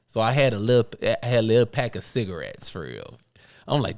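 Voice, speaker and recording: A young man with a Chicago accent telling a long story on a podcast, animated, laughing often and acting out the other people's voices. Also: lowish voice, brisk. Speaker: podcast co-host. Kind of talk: casual storytelling.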